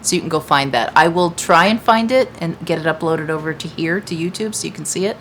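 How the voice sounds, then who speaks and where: A woman's voice: low-pitched, fairly quick, a bit bright, a little hiss or hum, poor audio. A woman hosting a casual chat to viewers from a patio, talking in a chatty, rambling way with many fillers. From United States. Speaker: craft shop host. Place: outdoor patio.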